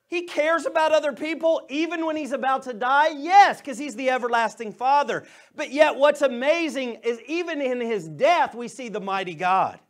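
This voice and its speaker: High-voiced, animated male pastor preaching. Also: normal speed, hardly any pauses. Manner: animated preaching, swings from loud to soft. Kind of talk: sermon. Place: church.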